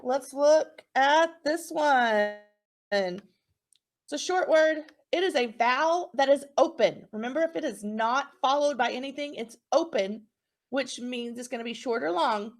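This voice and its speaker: A female teacher's voice sits high as she leads young kids through a recorded phonics lesson, cheering them on and slowly sounding out each word.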